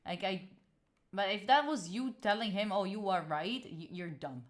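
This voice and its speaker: Medium in pitch and normal in speed, a twenty-something Italian woman chats frankly with her live stream audience in accented English. She's animated and swears freely, reading and replying to her chat as she goes.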